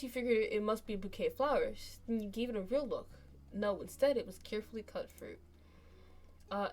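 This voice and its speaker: Chatty woman streamer reading a game aloud. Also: medium pitch. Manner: reads the story aloud, chatting and laughing in between. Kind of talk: casual game let's play narration.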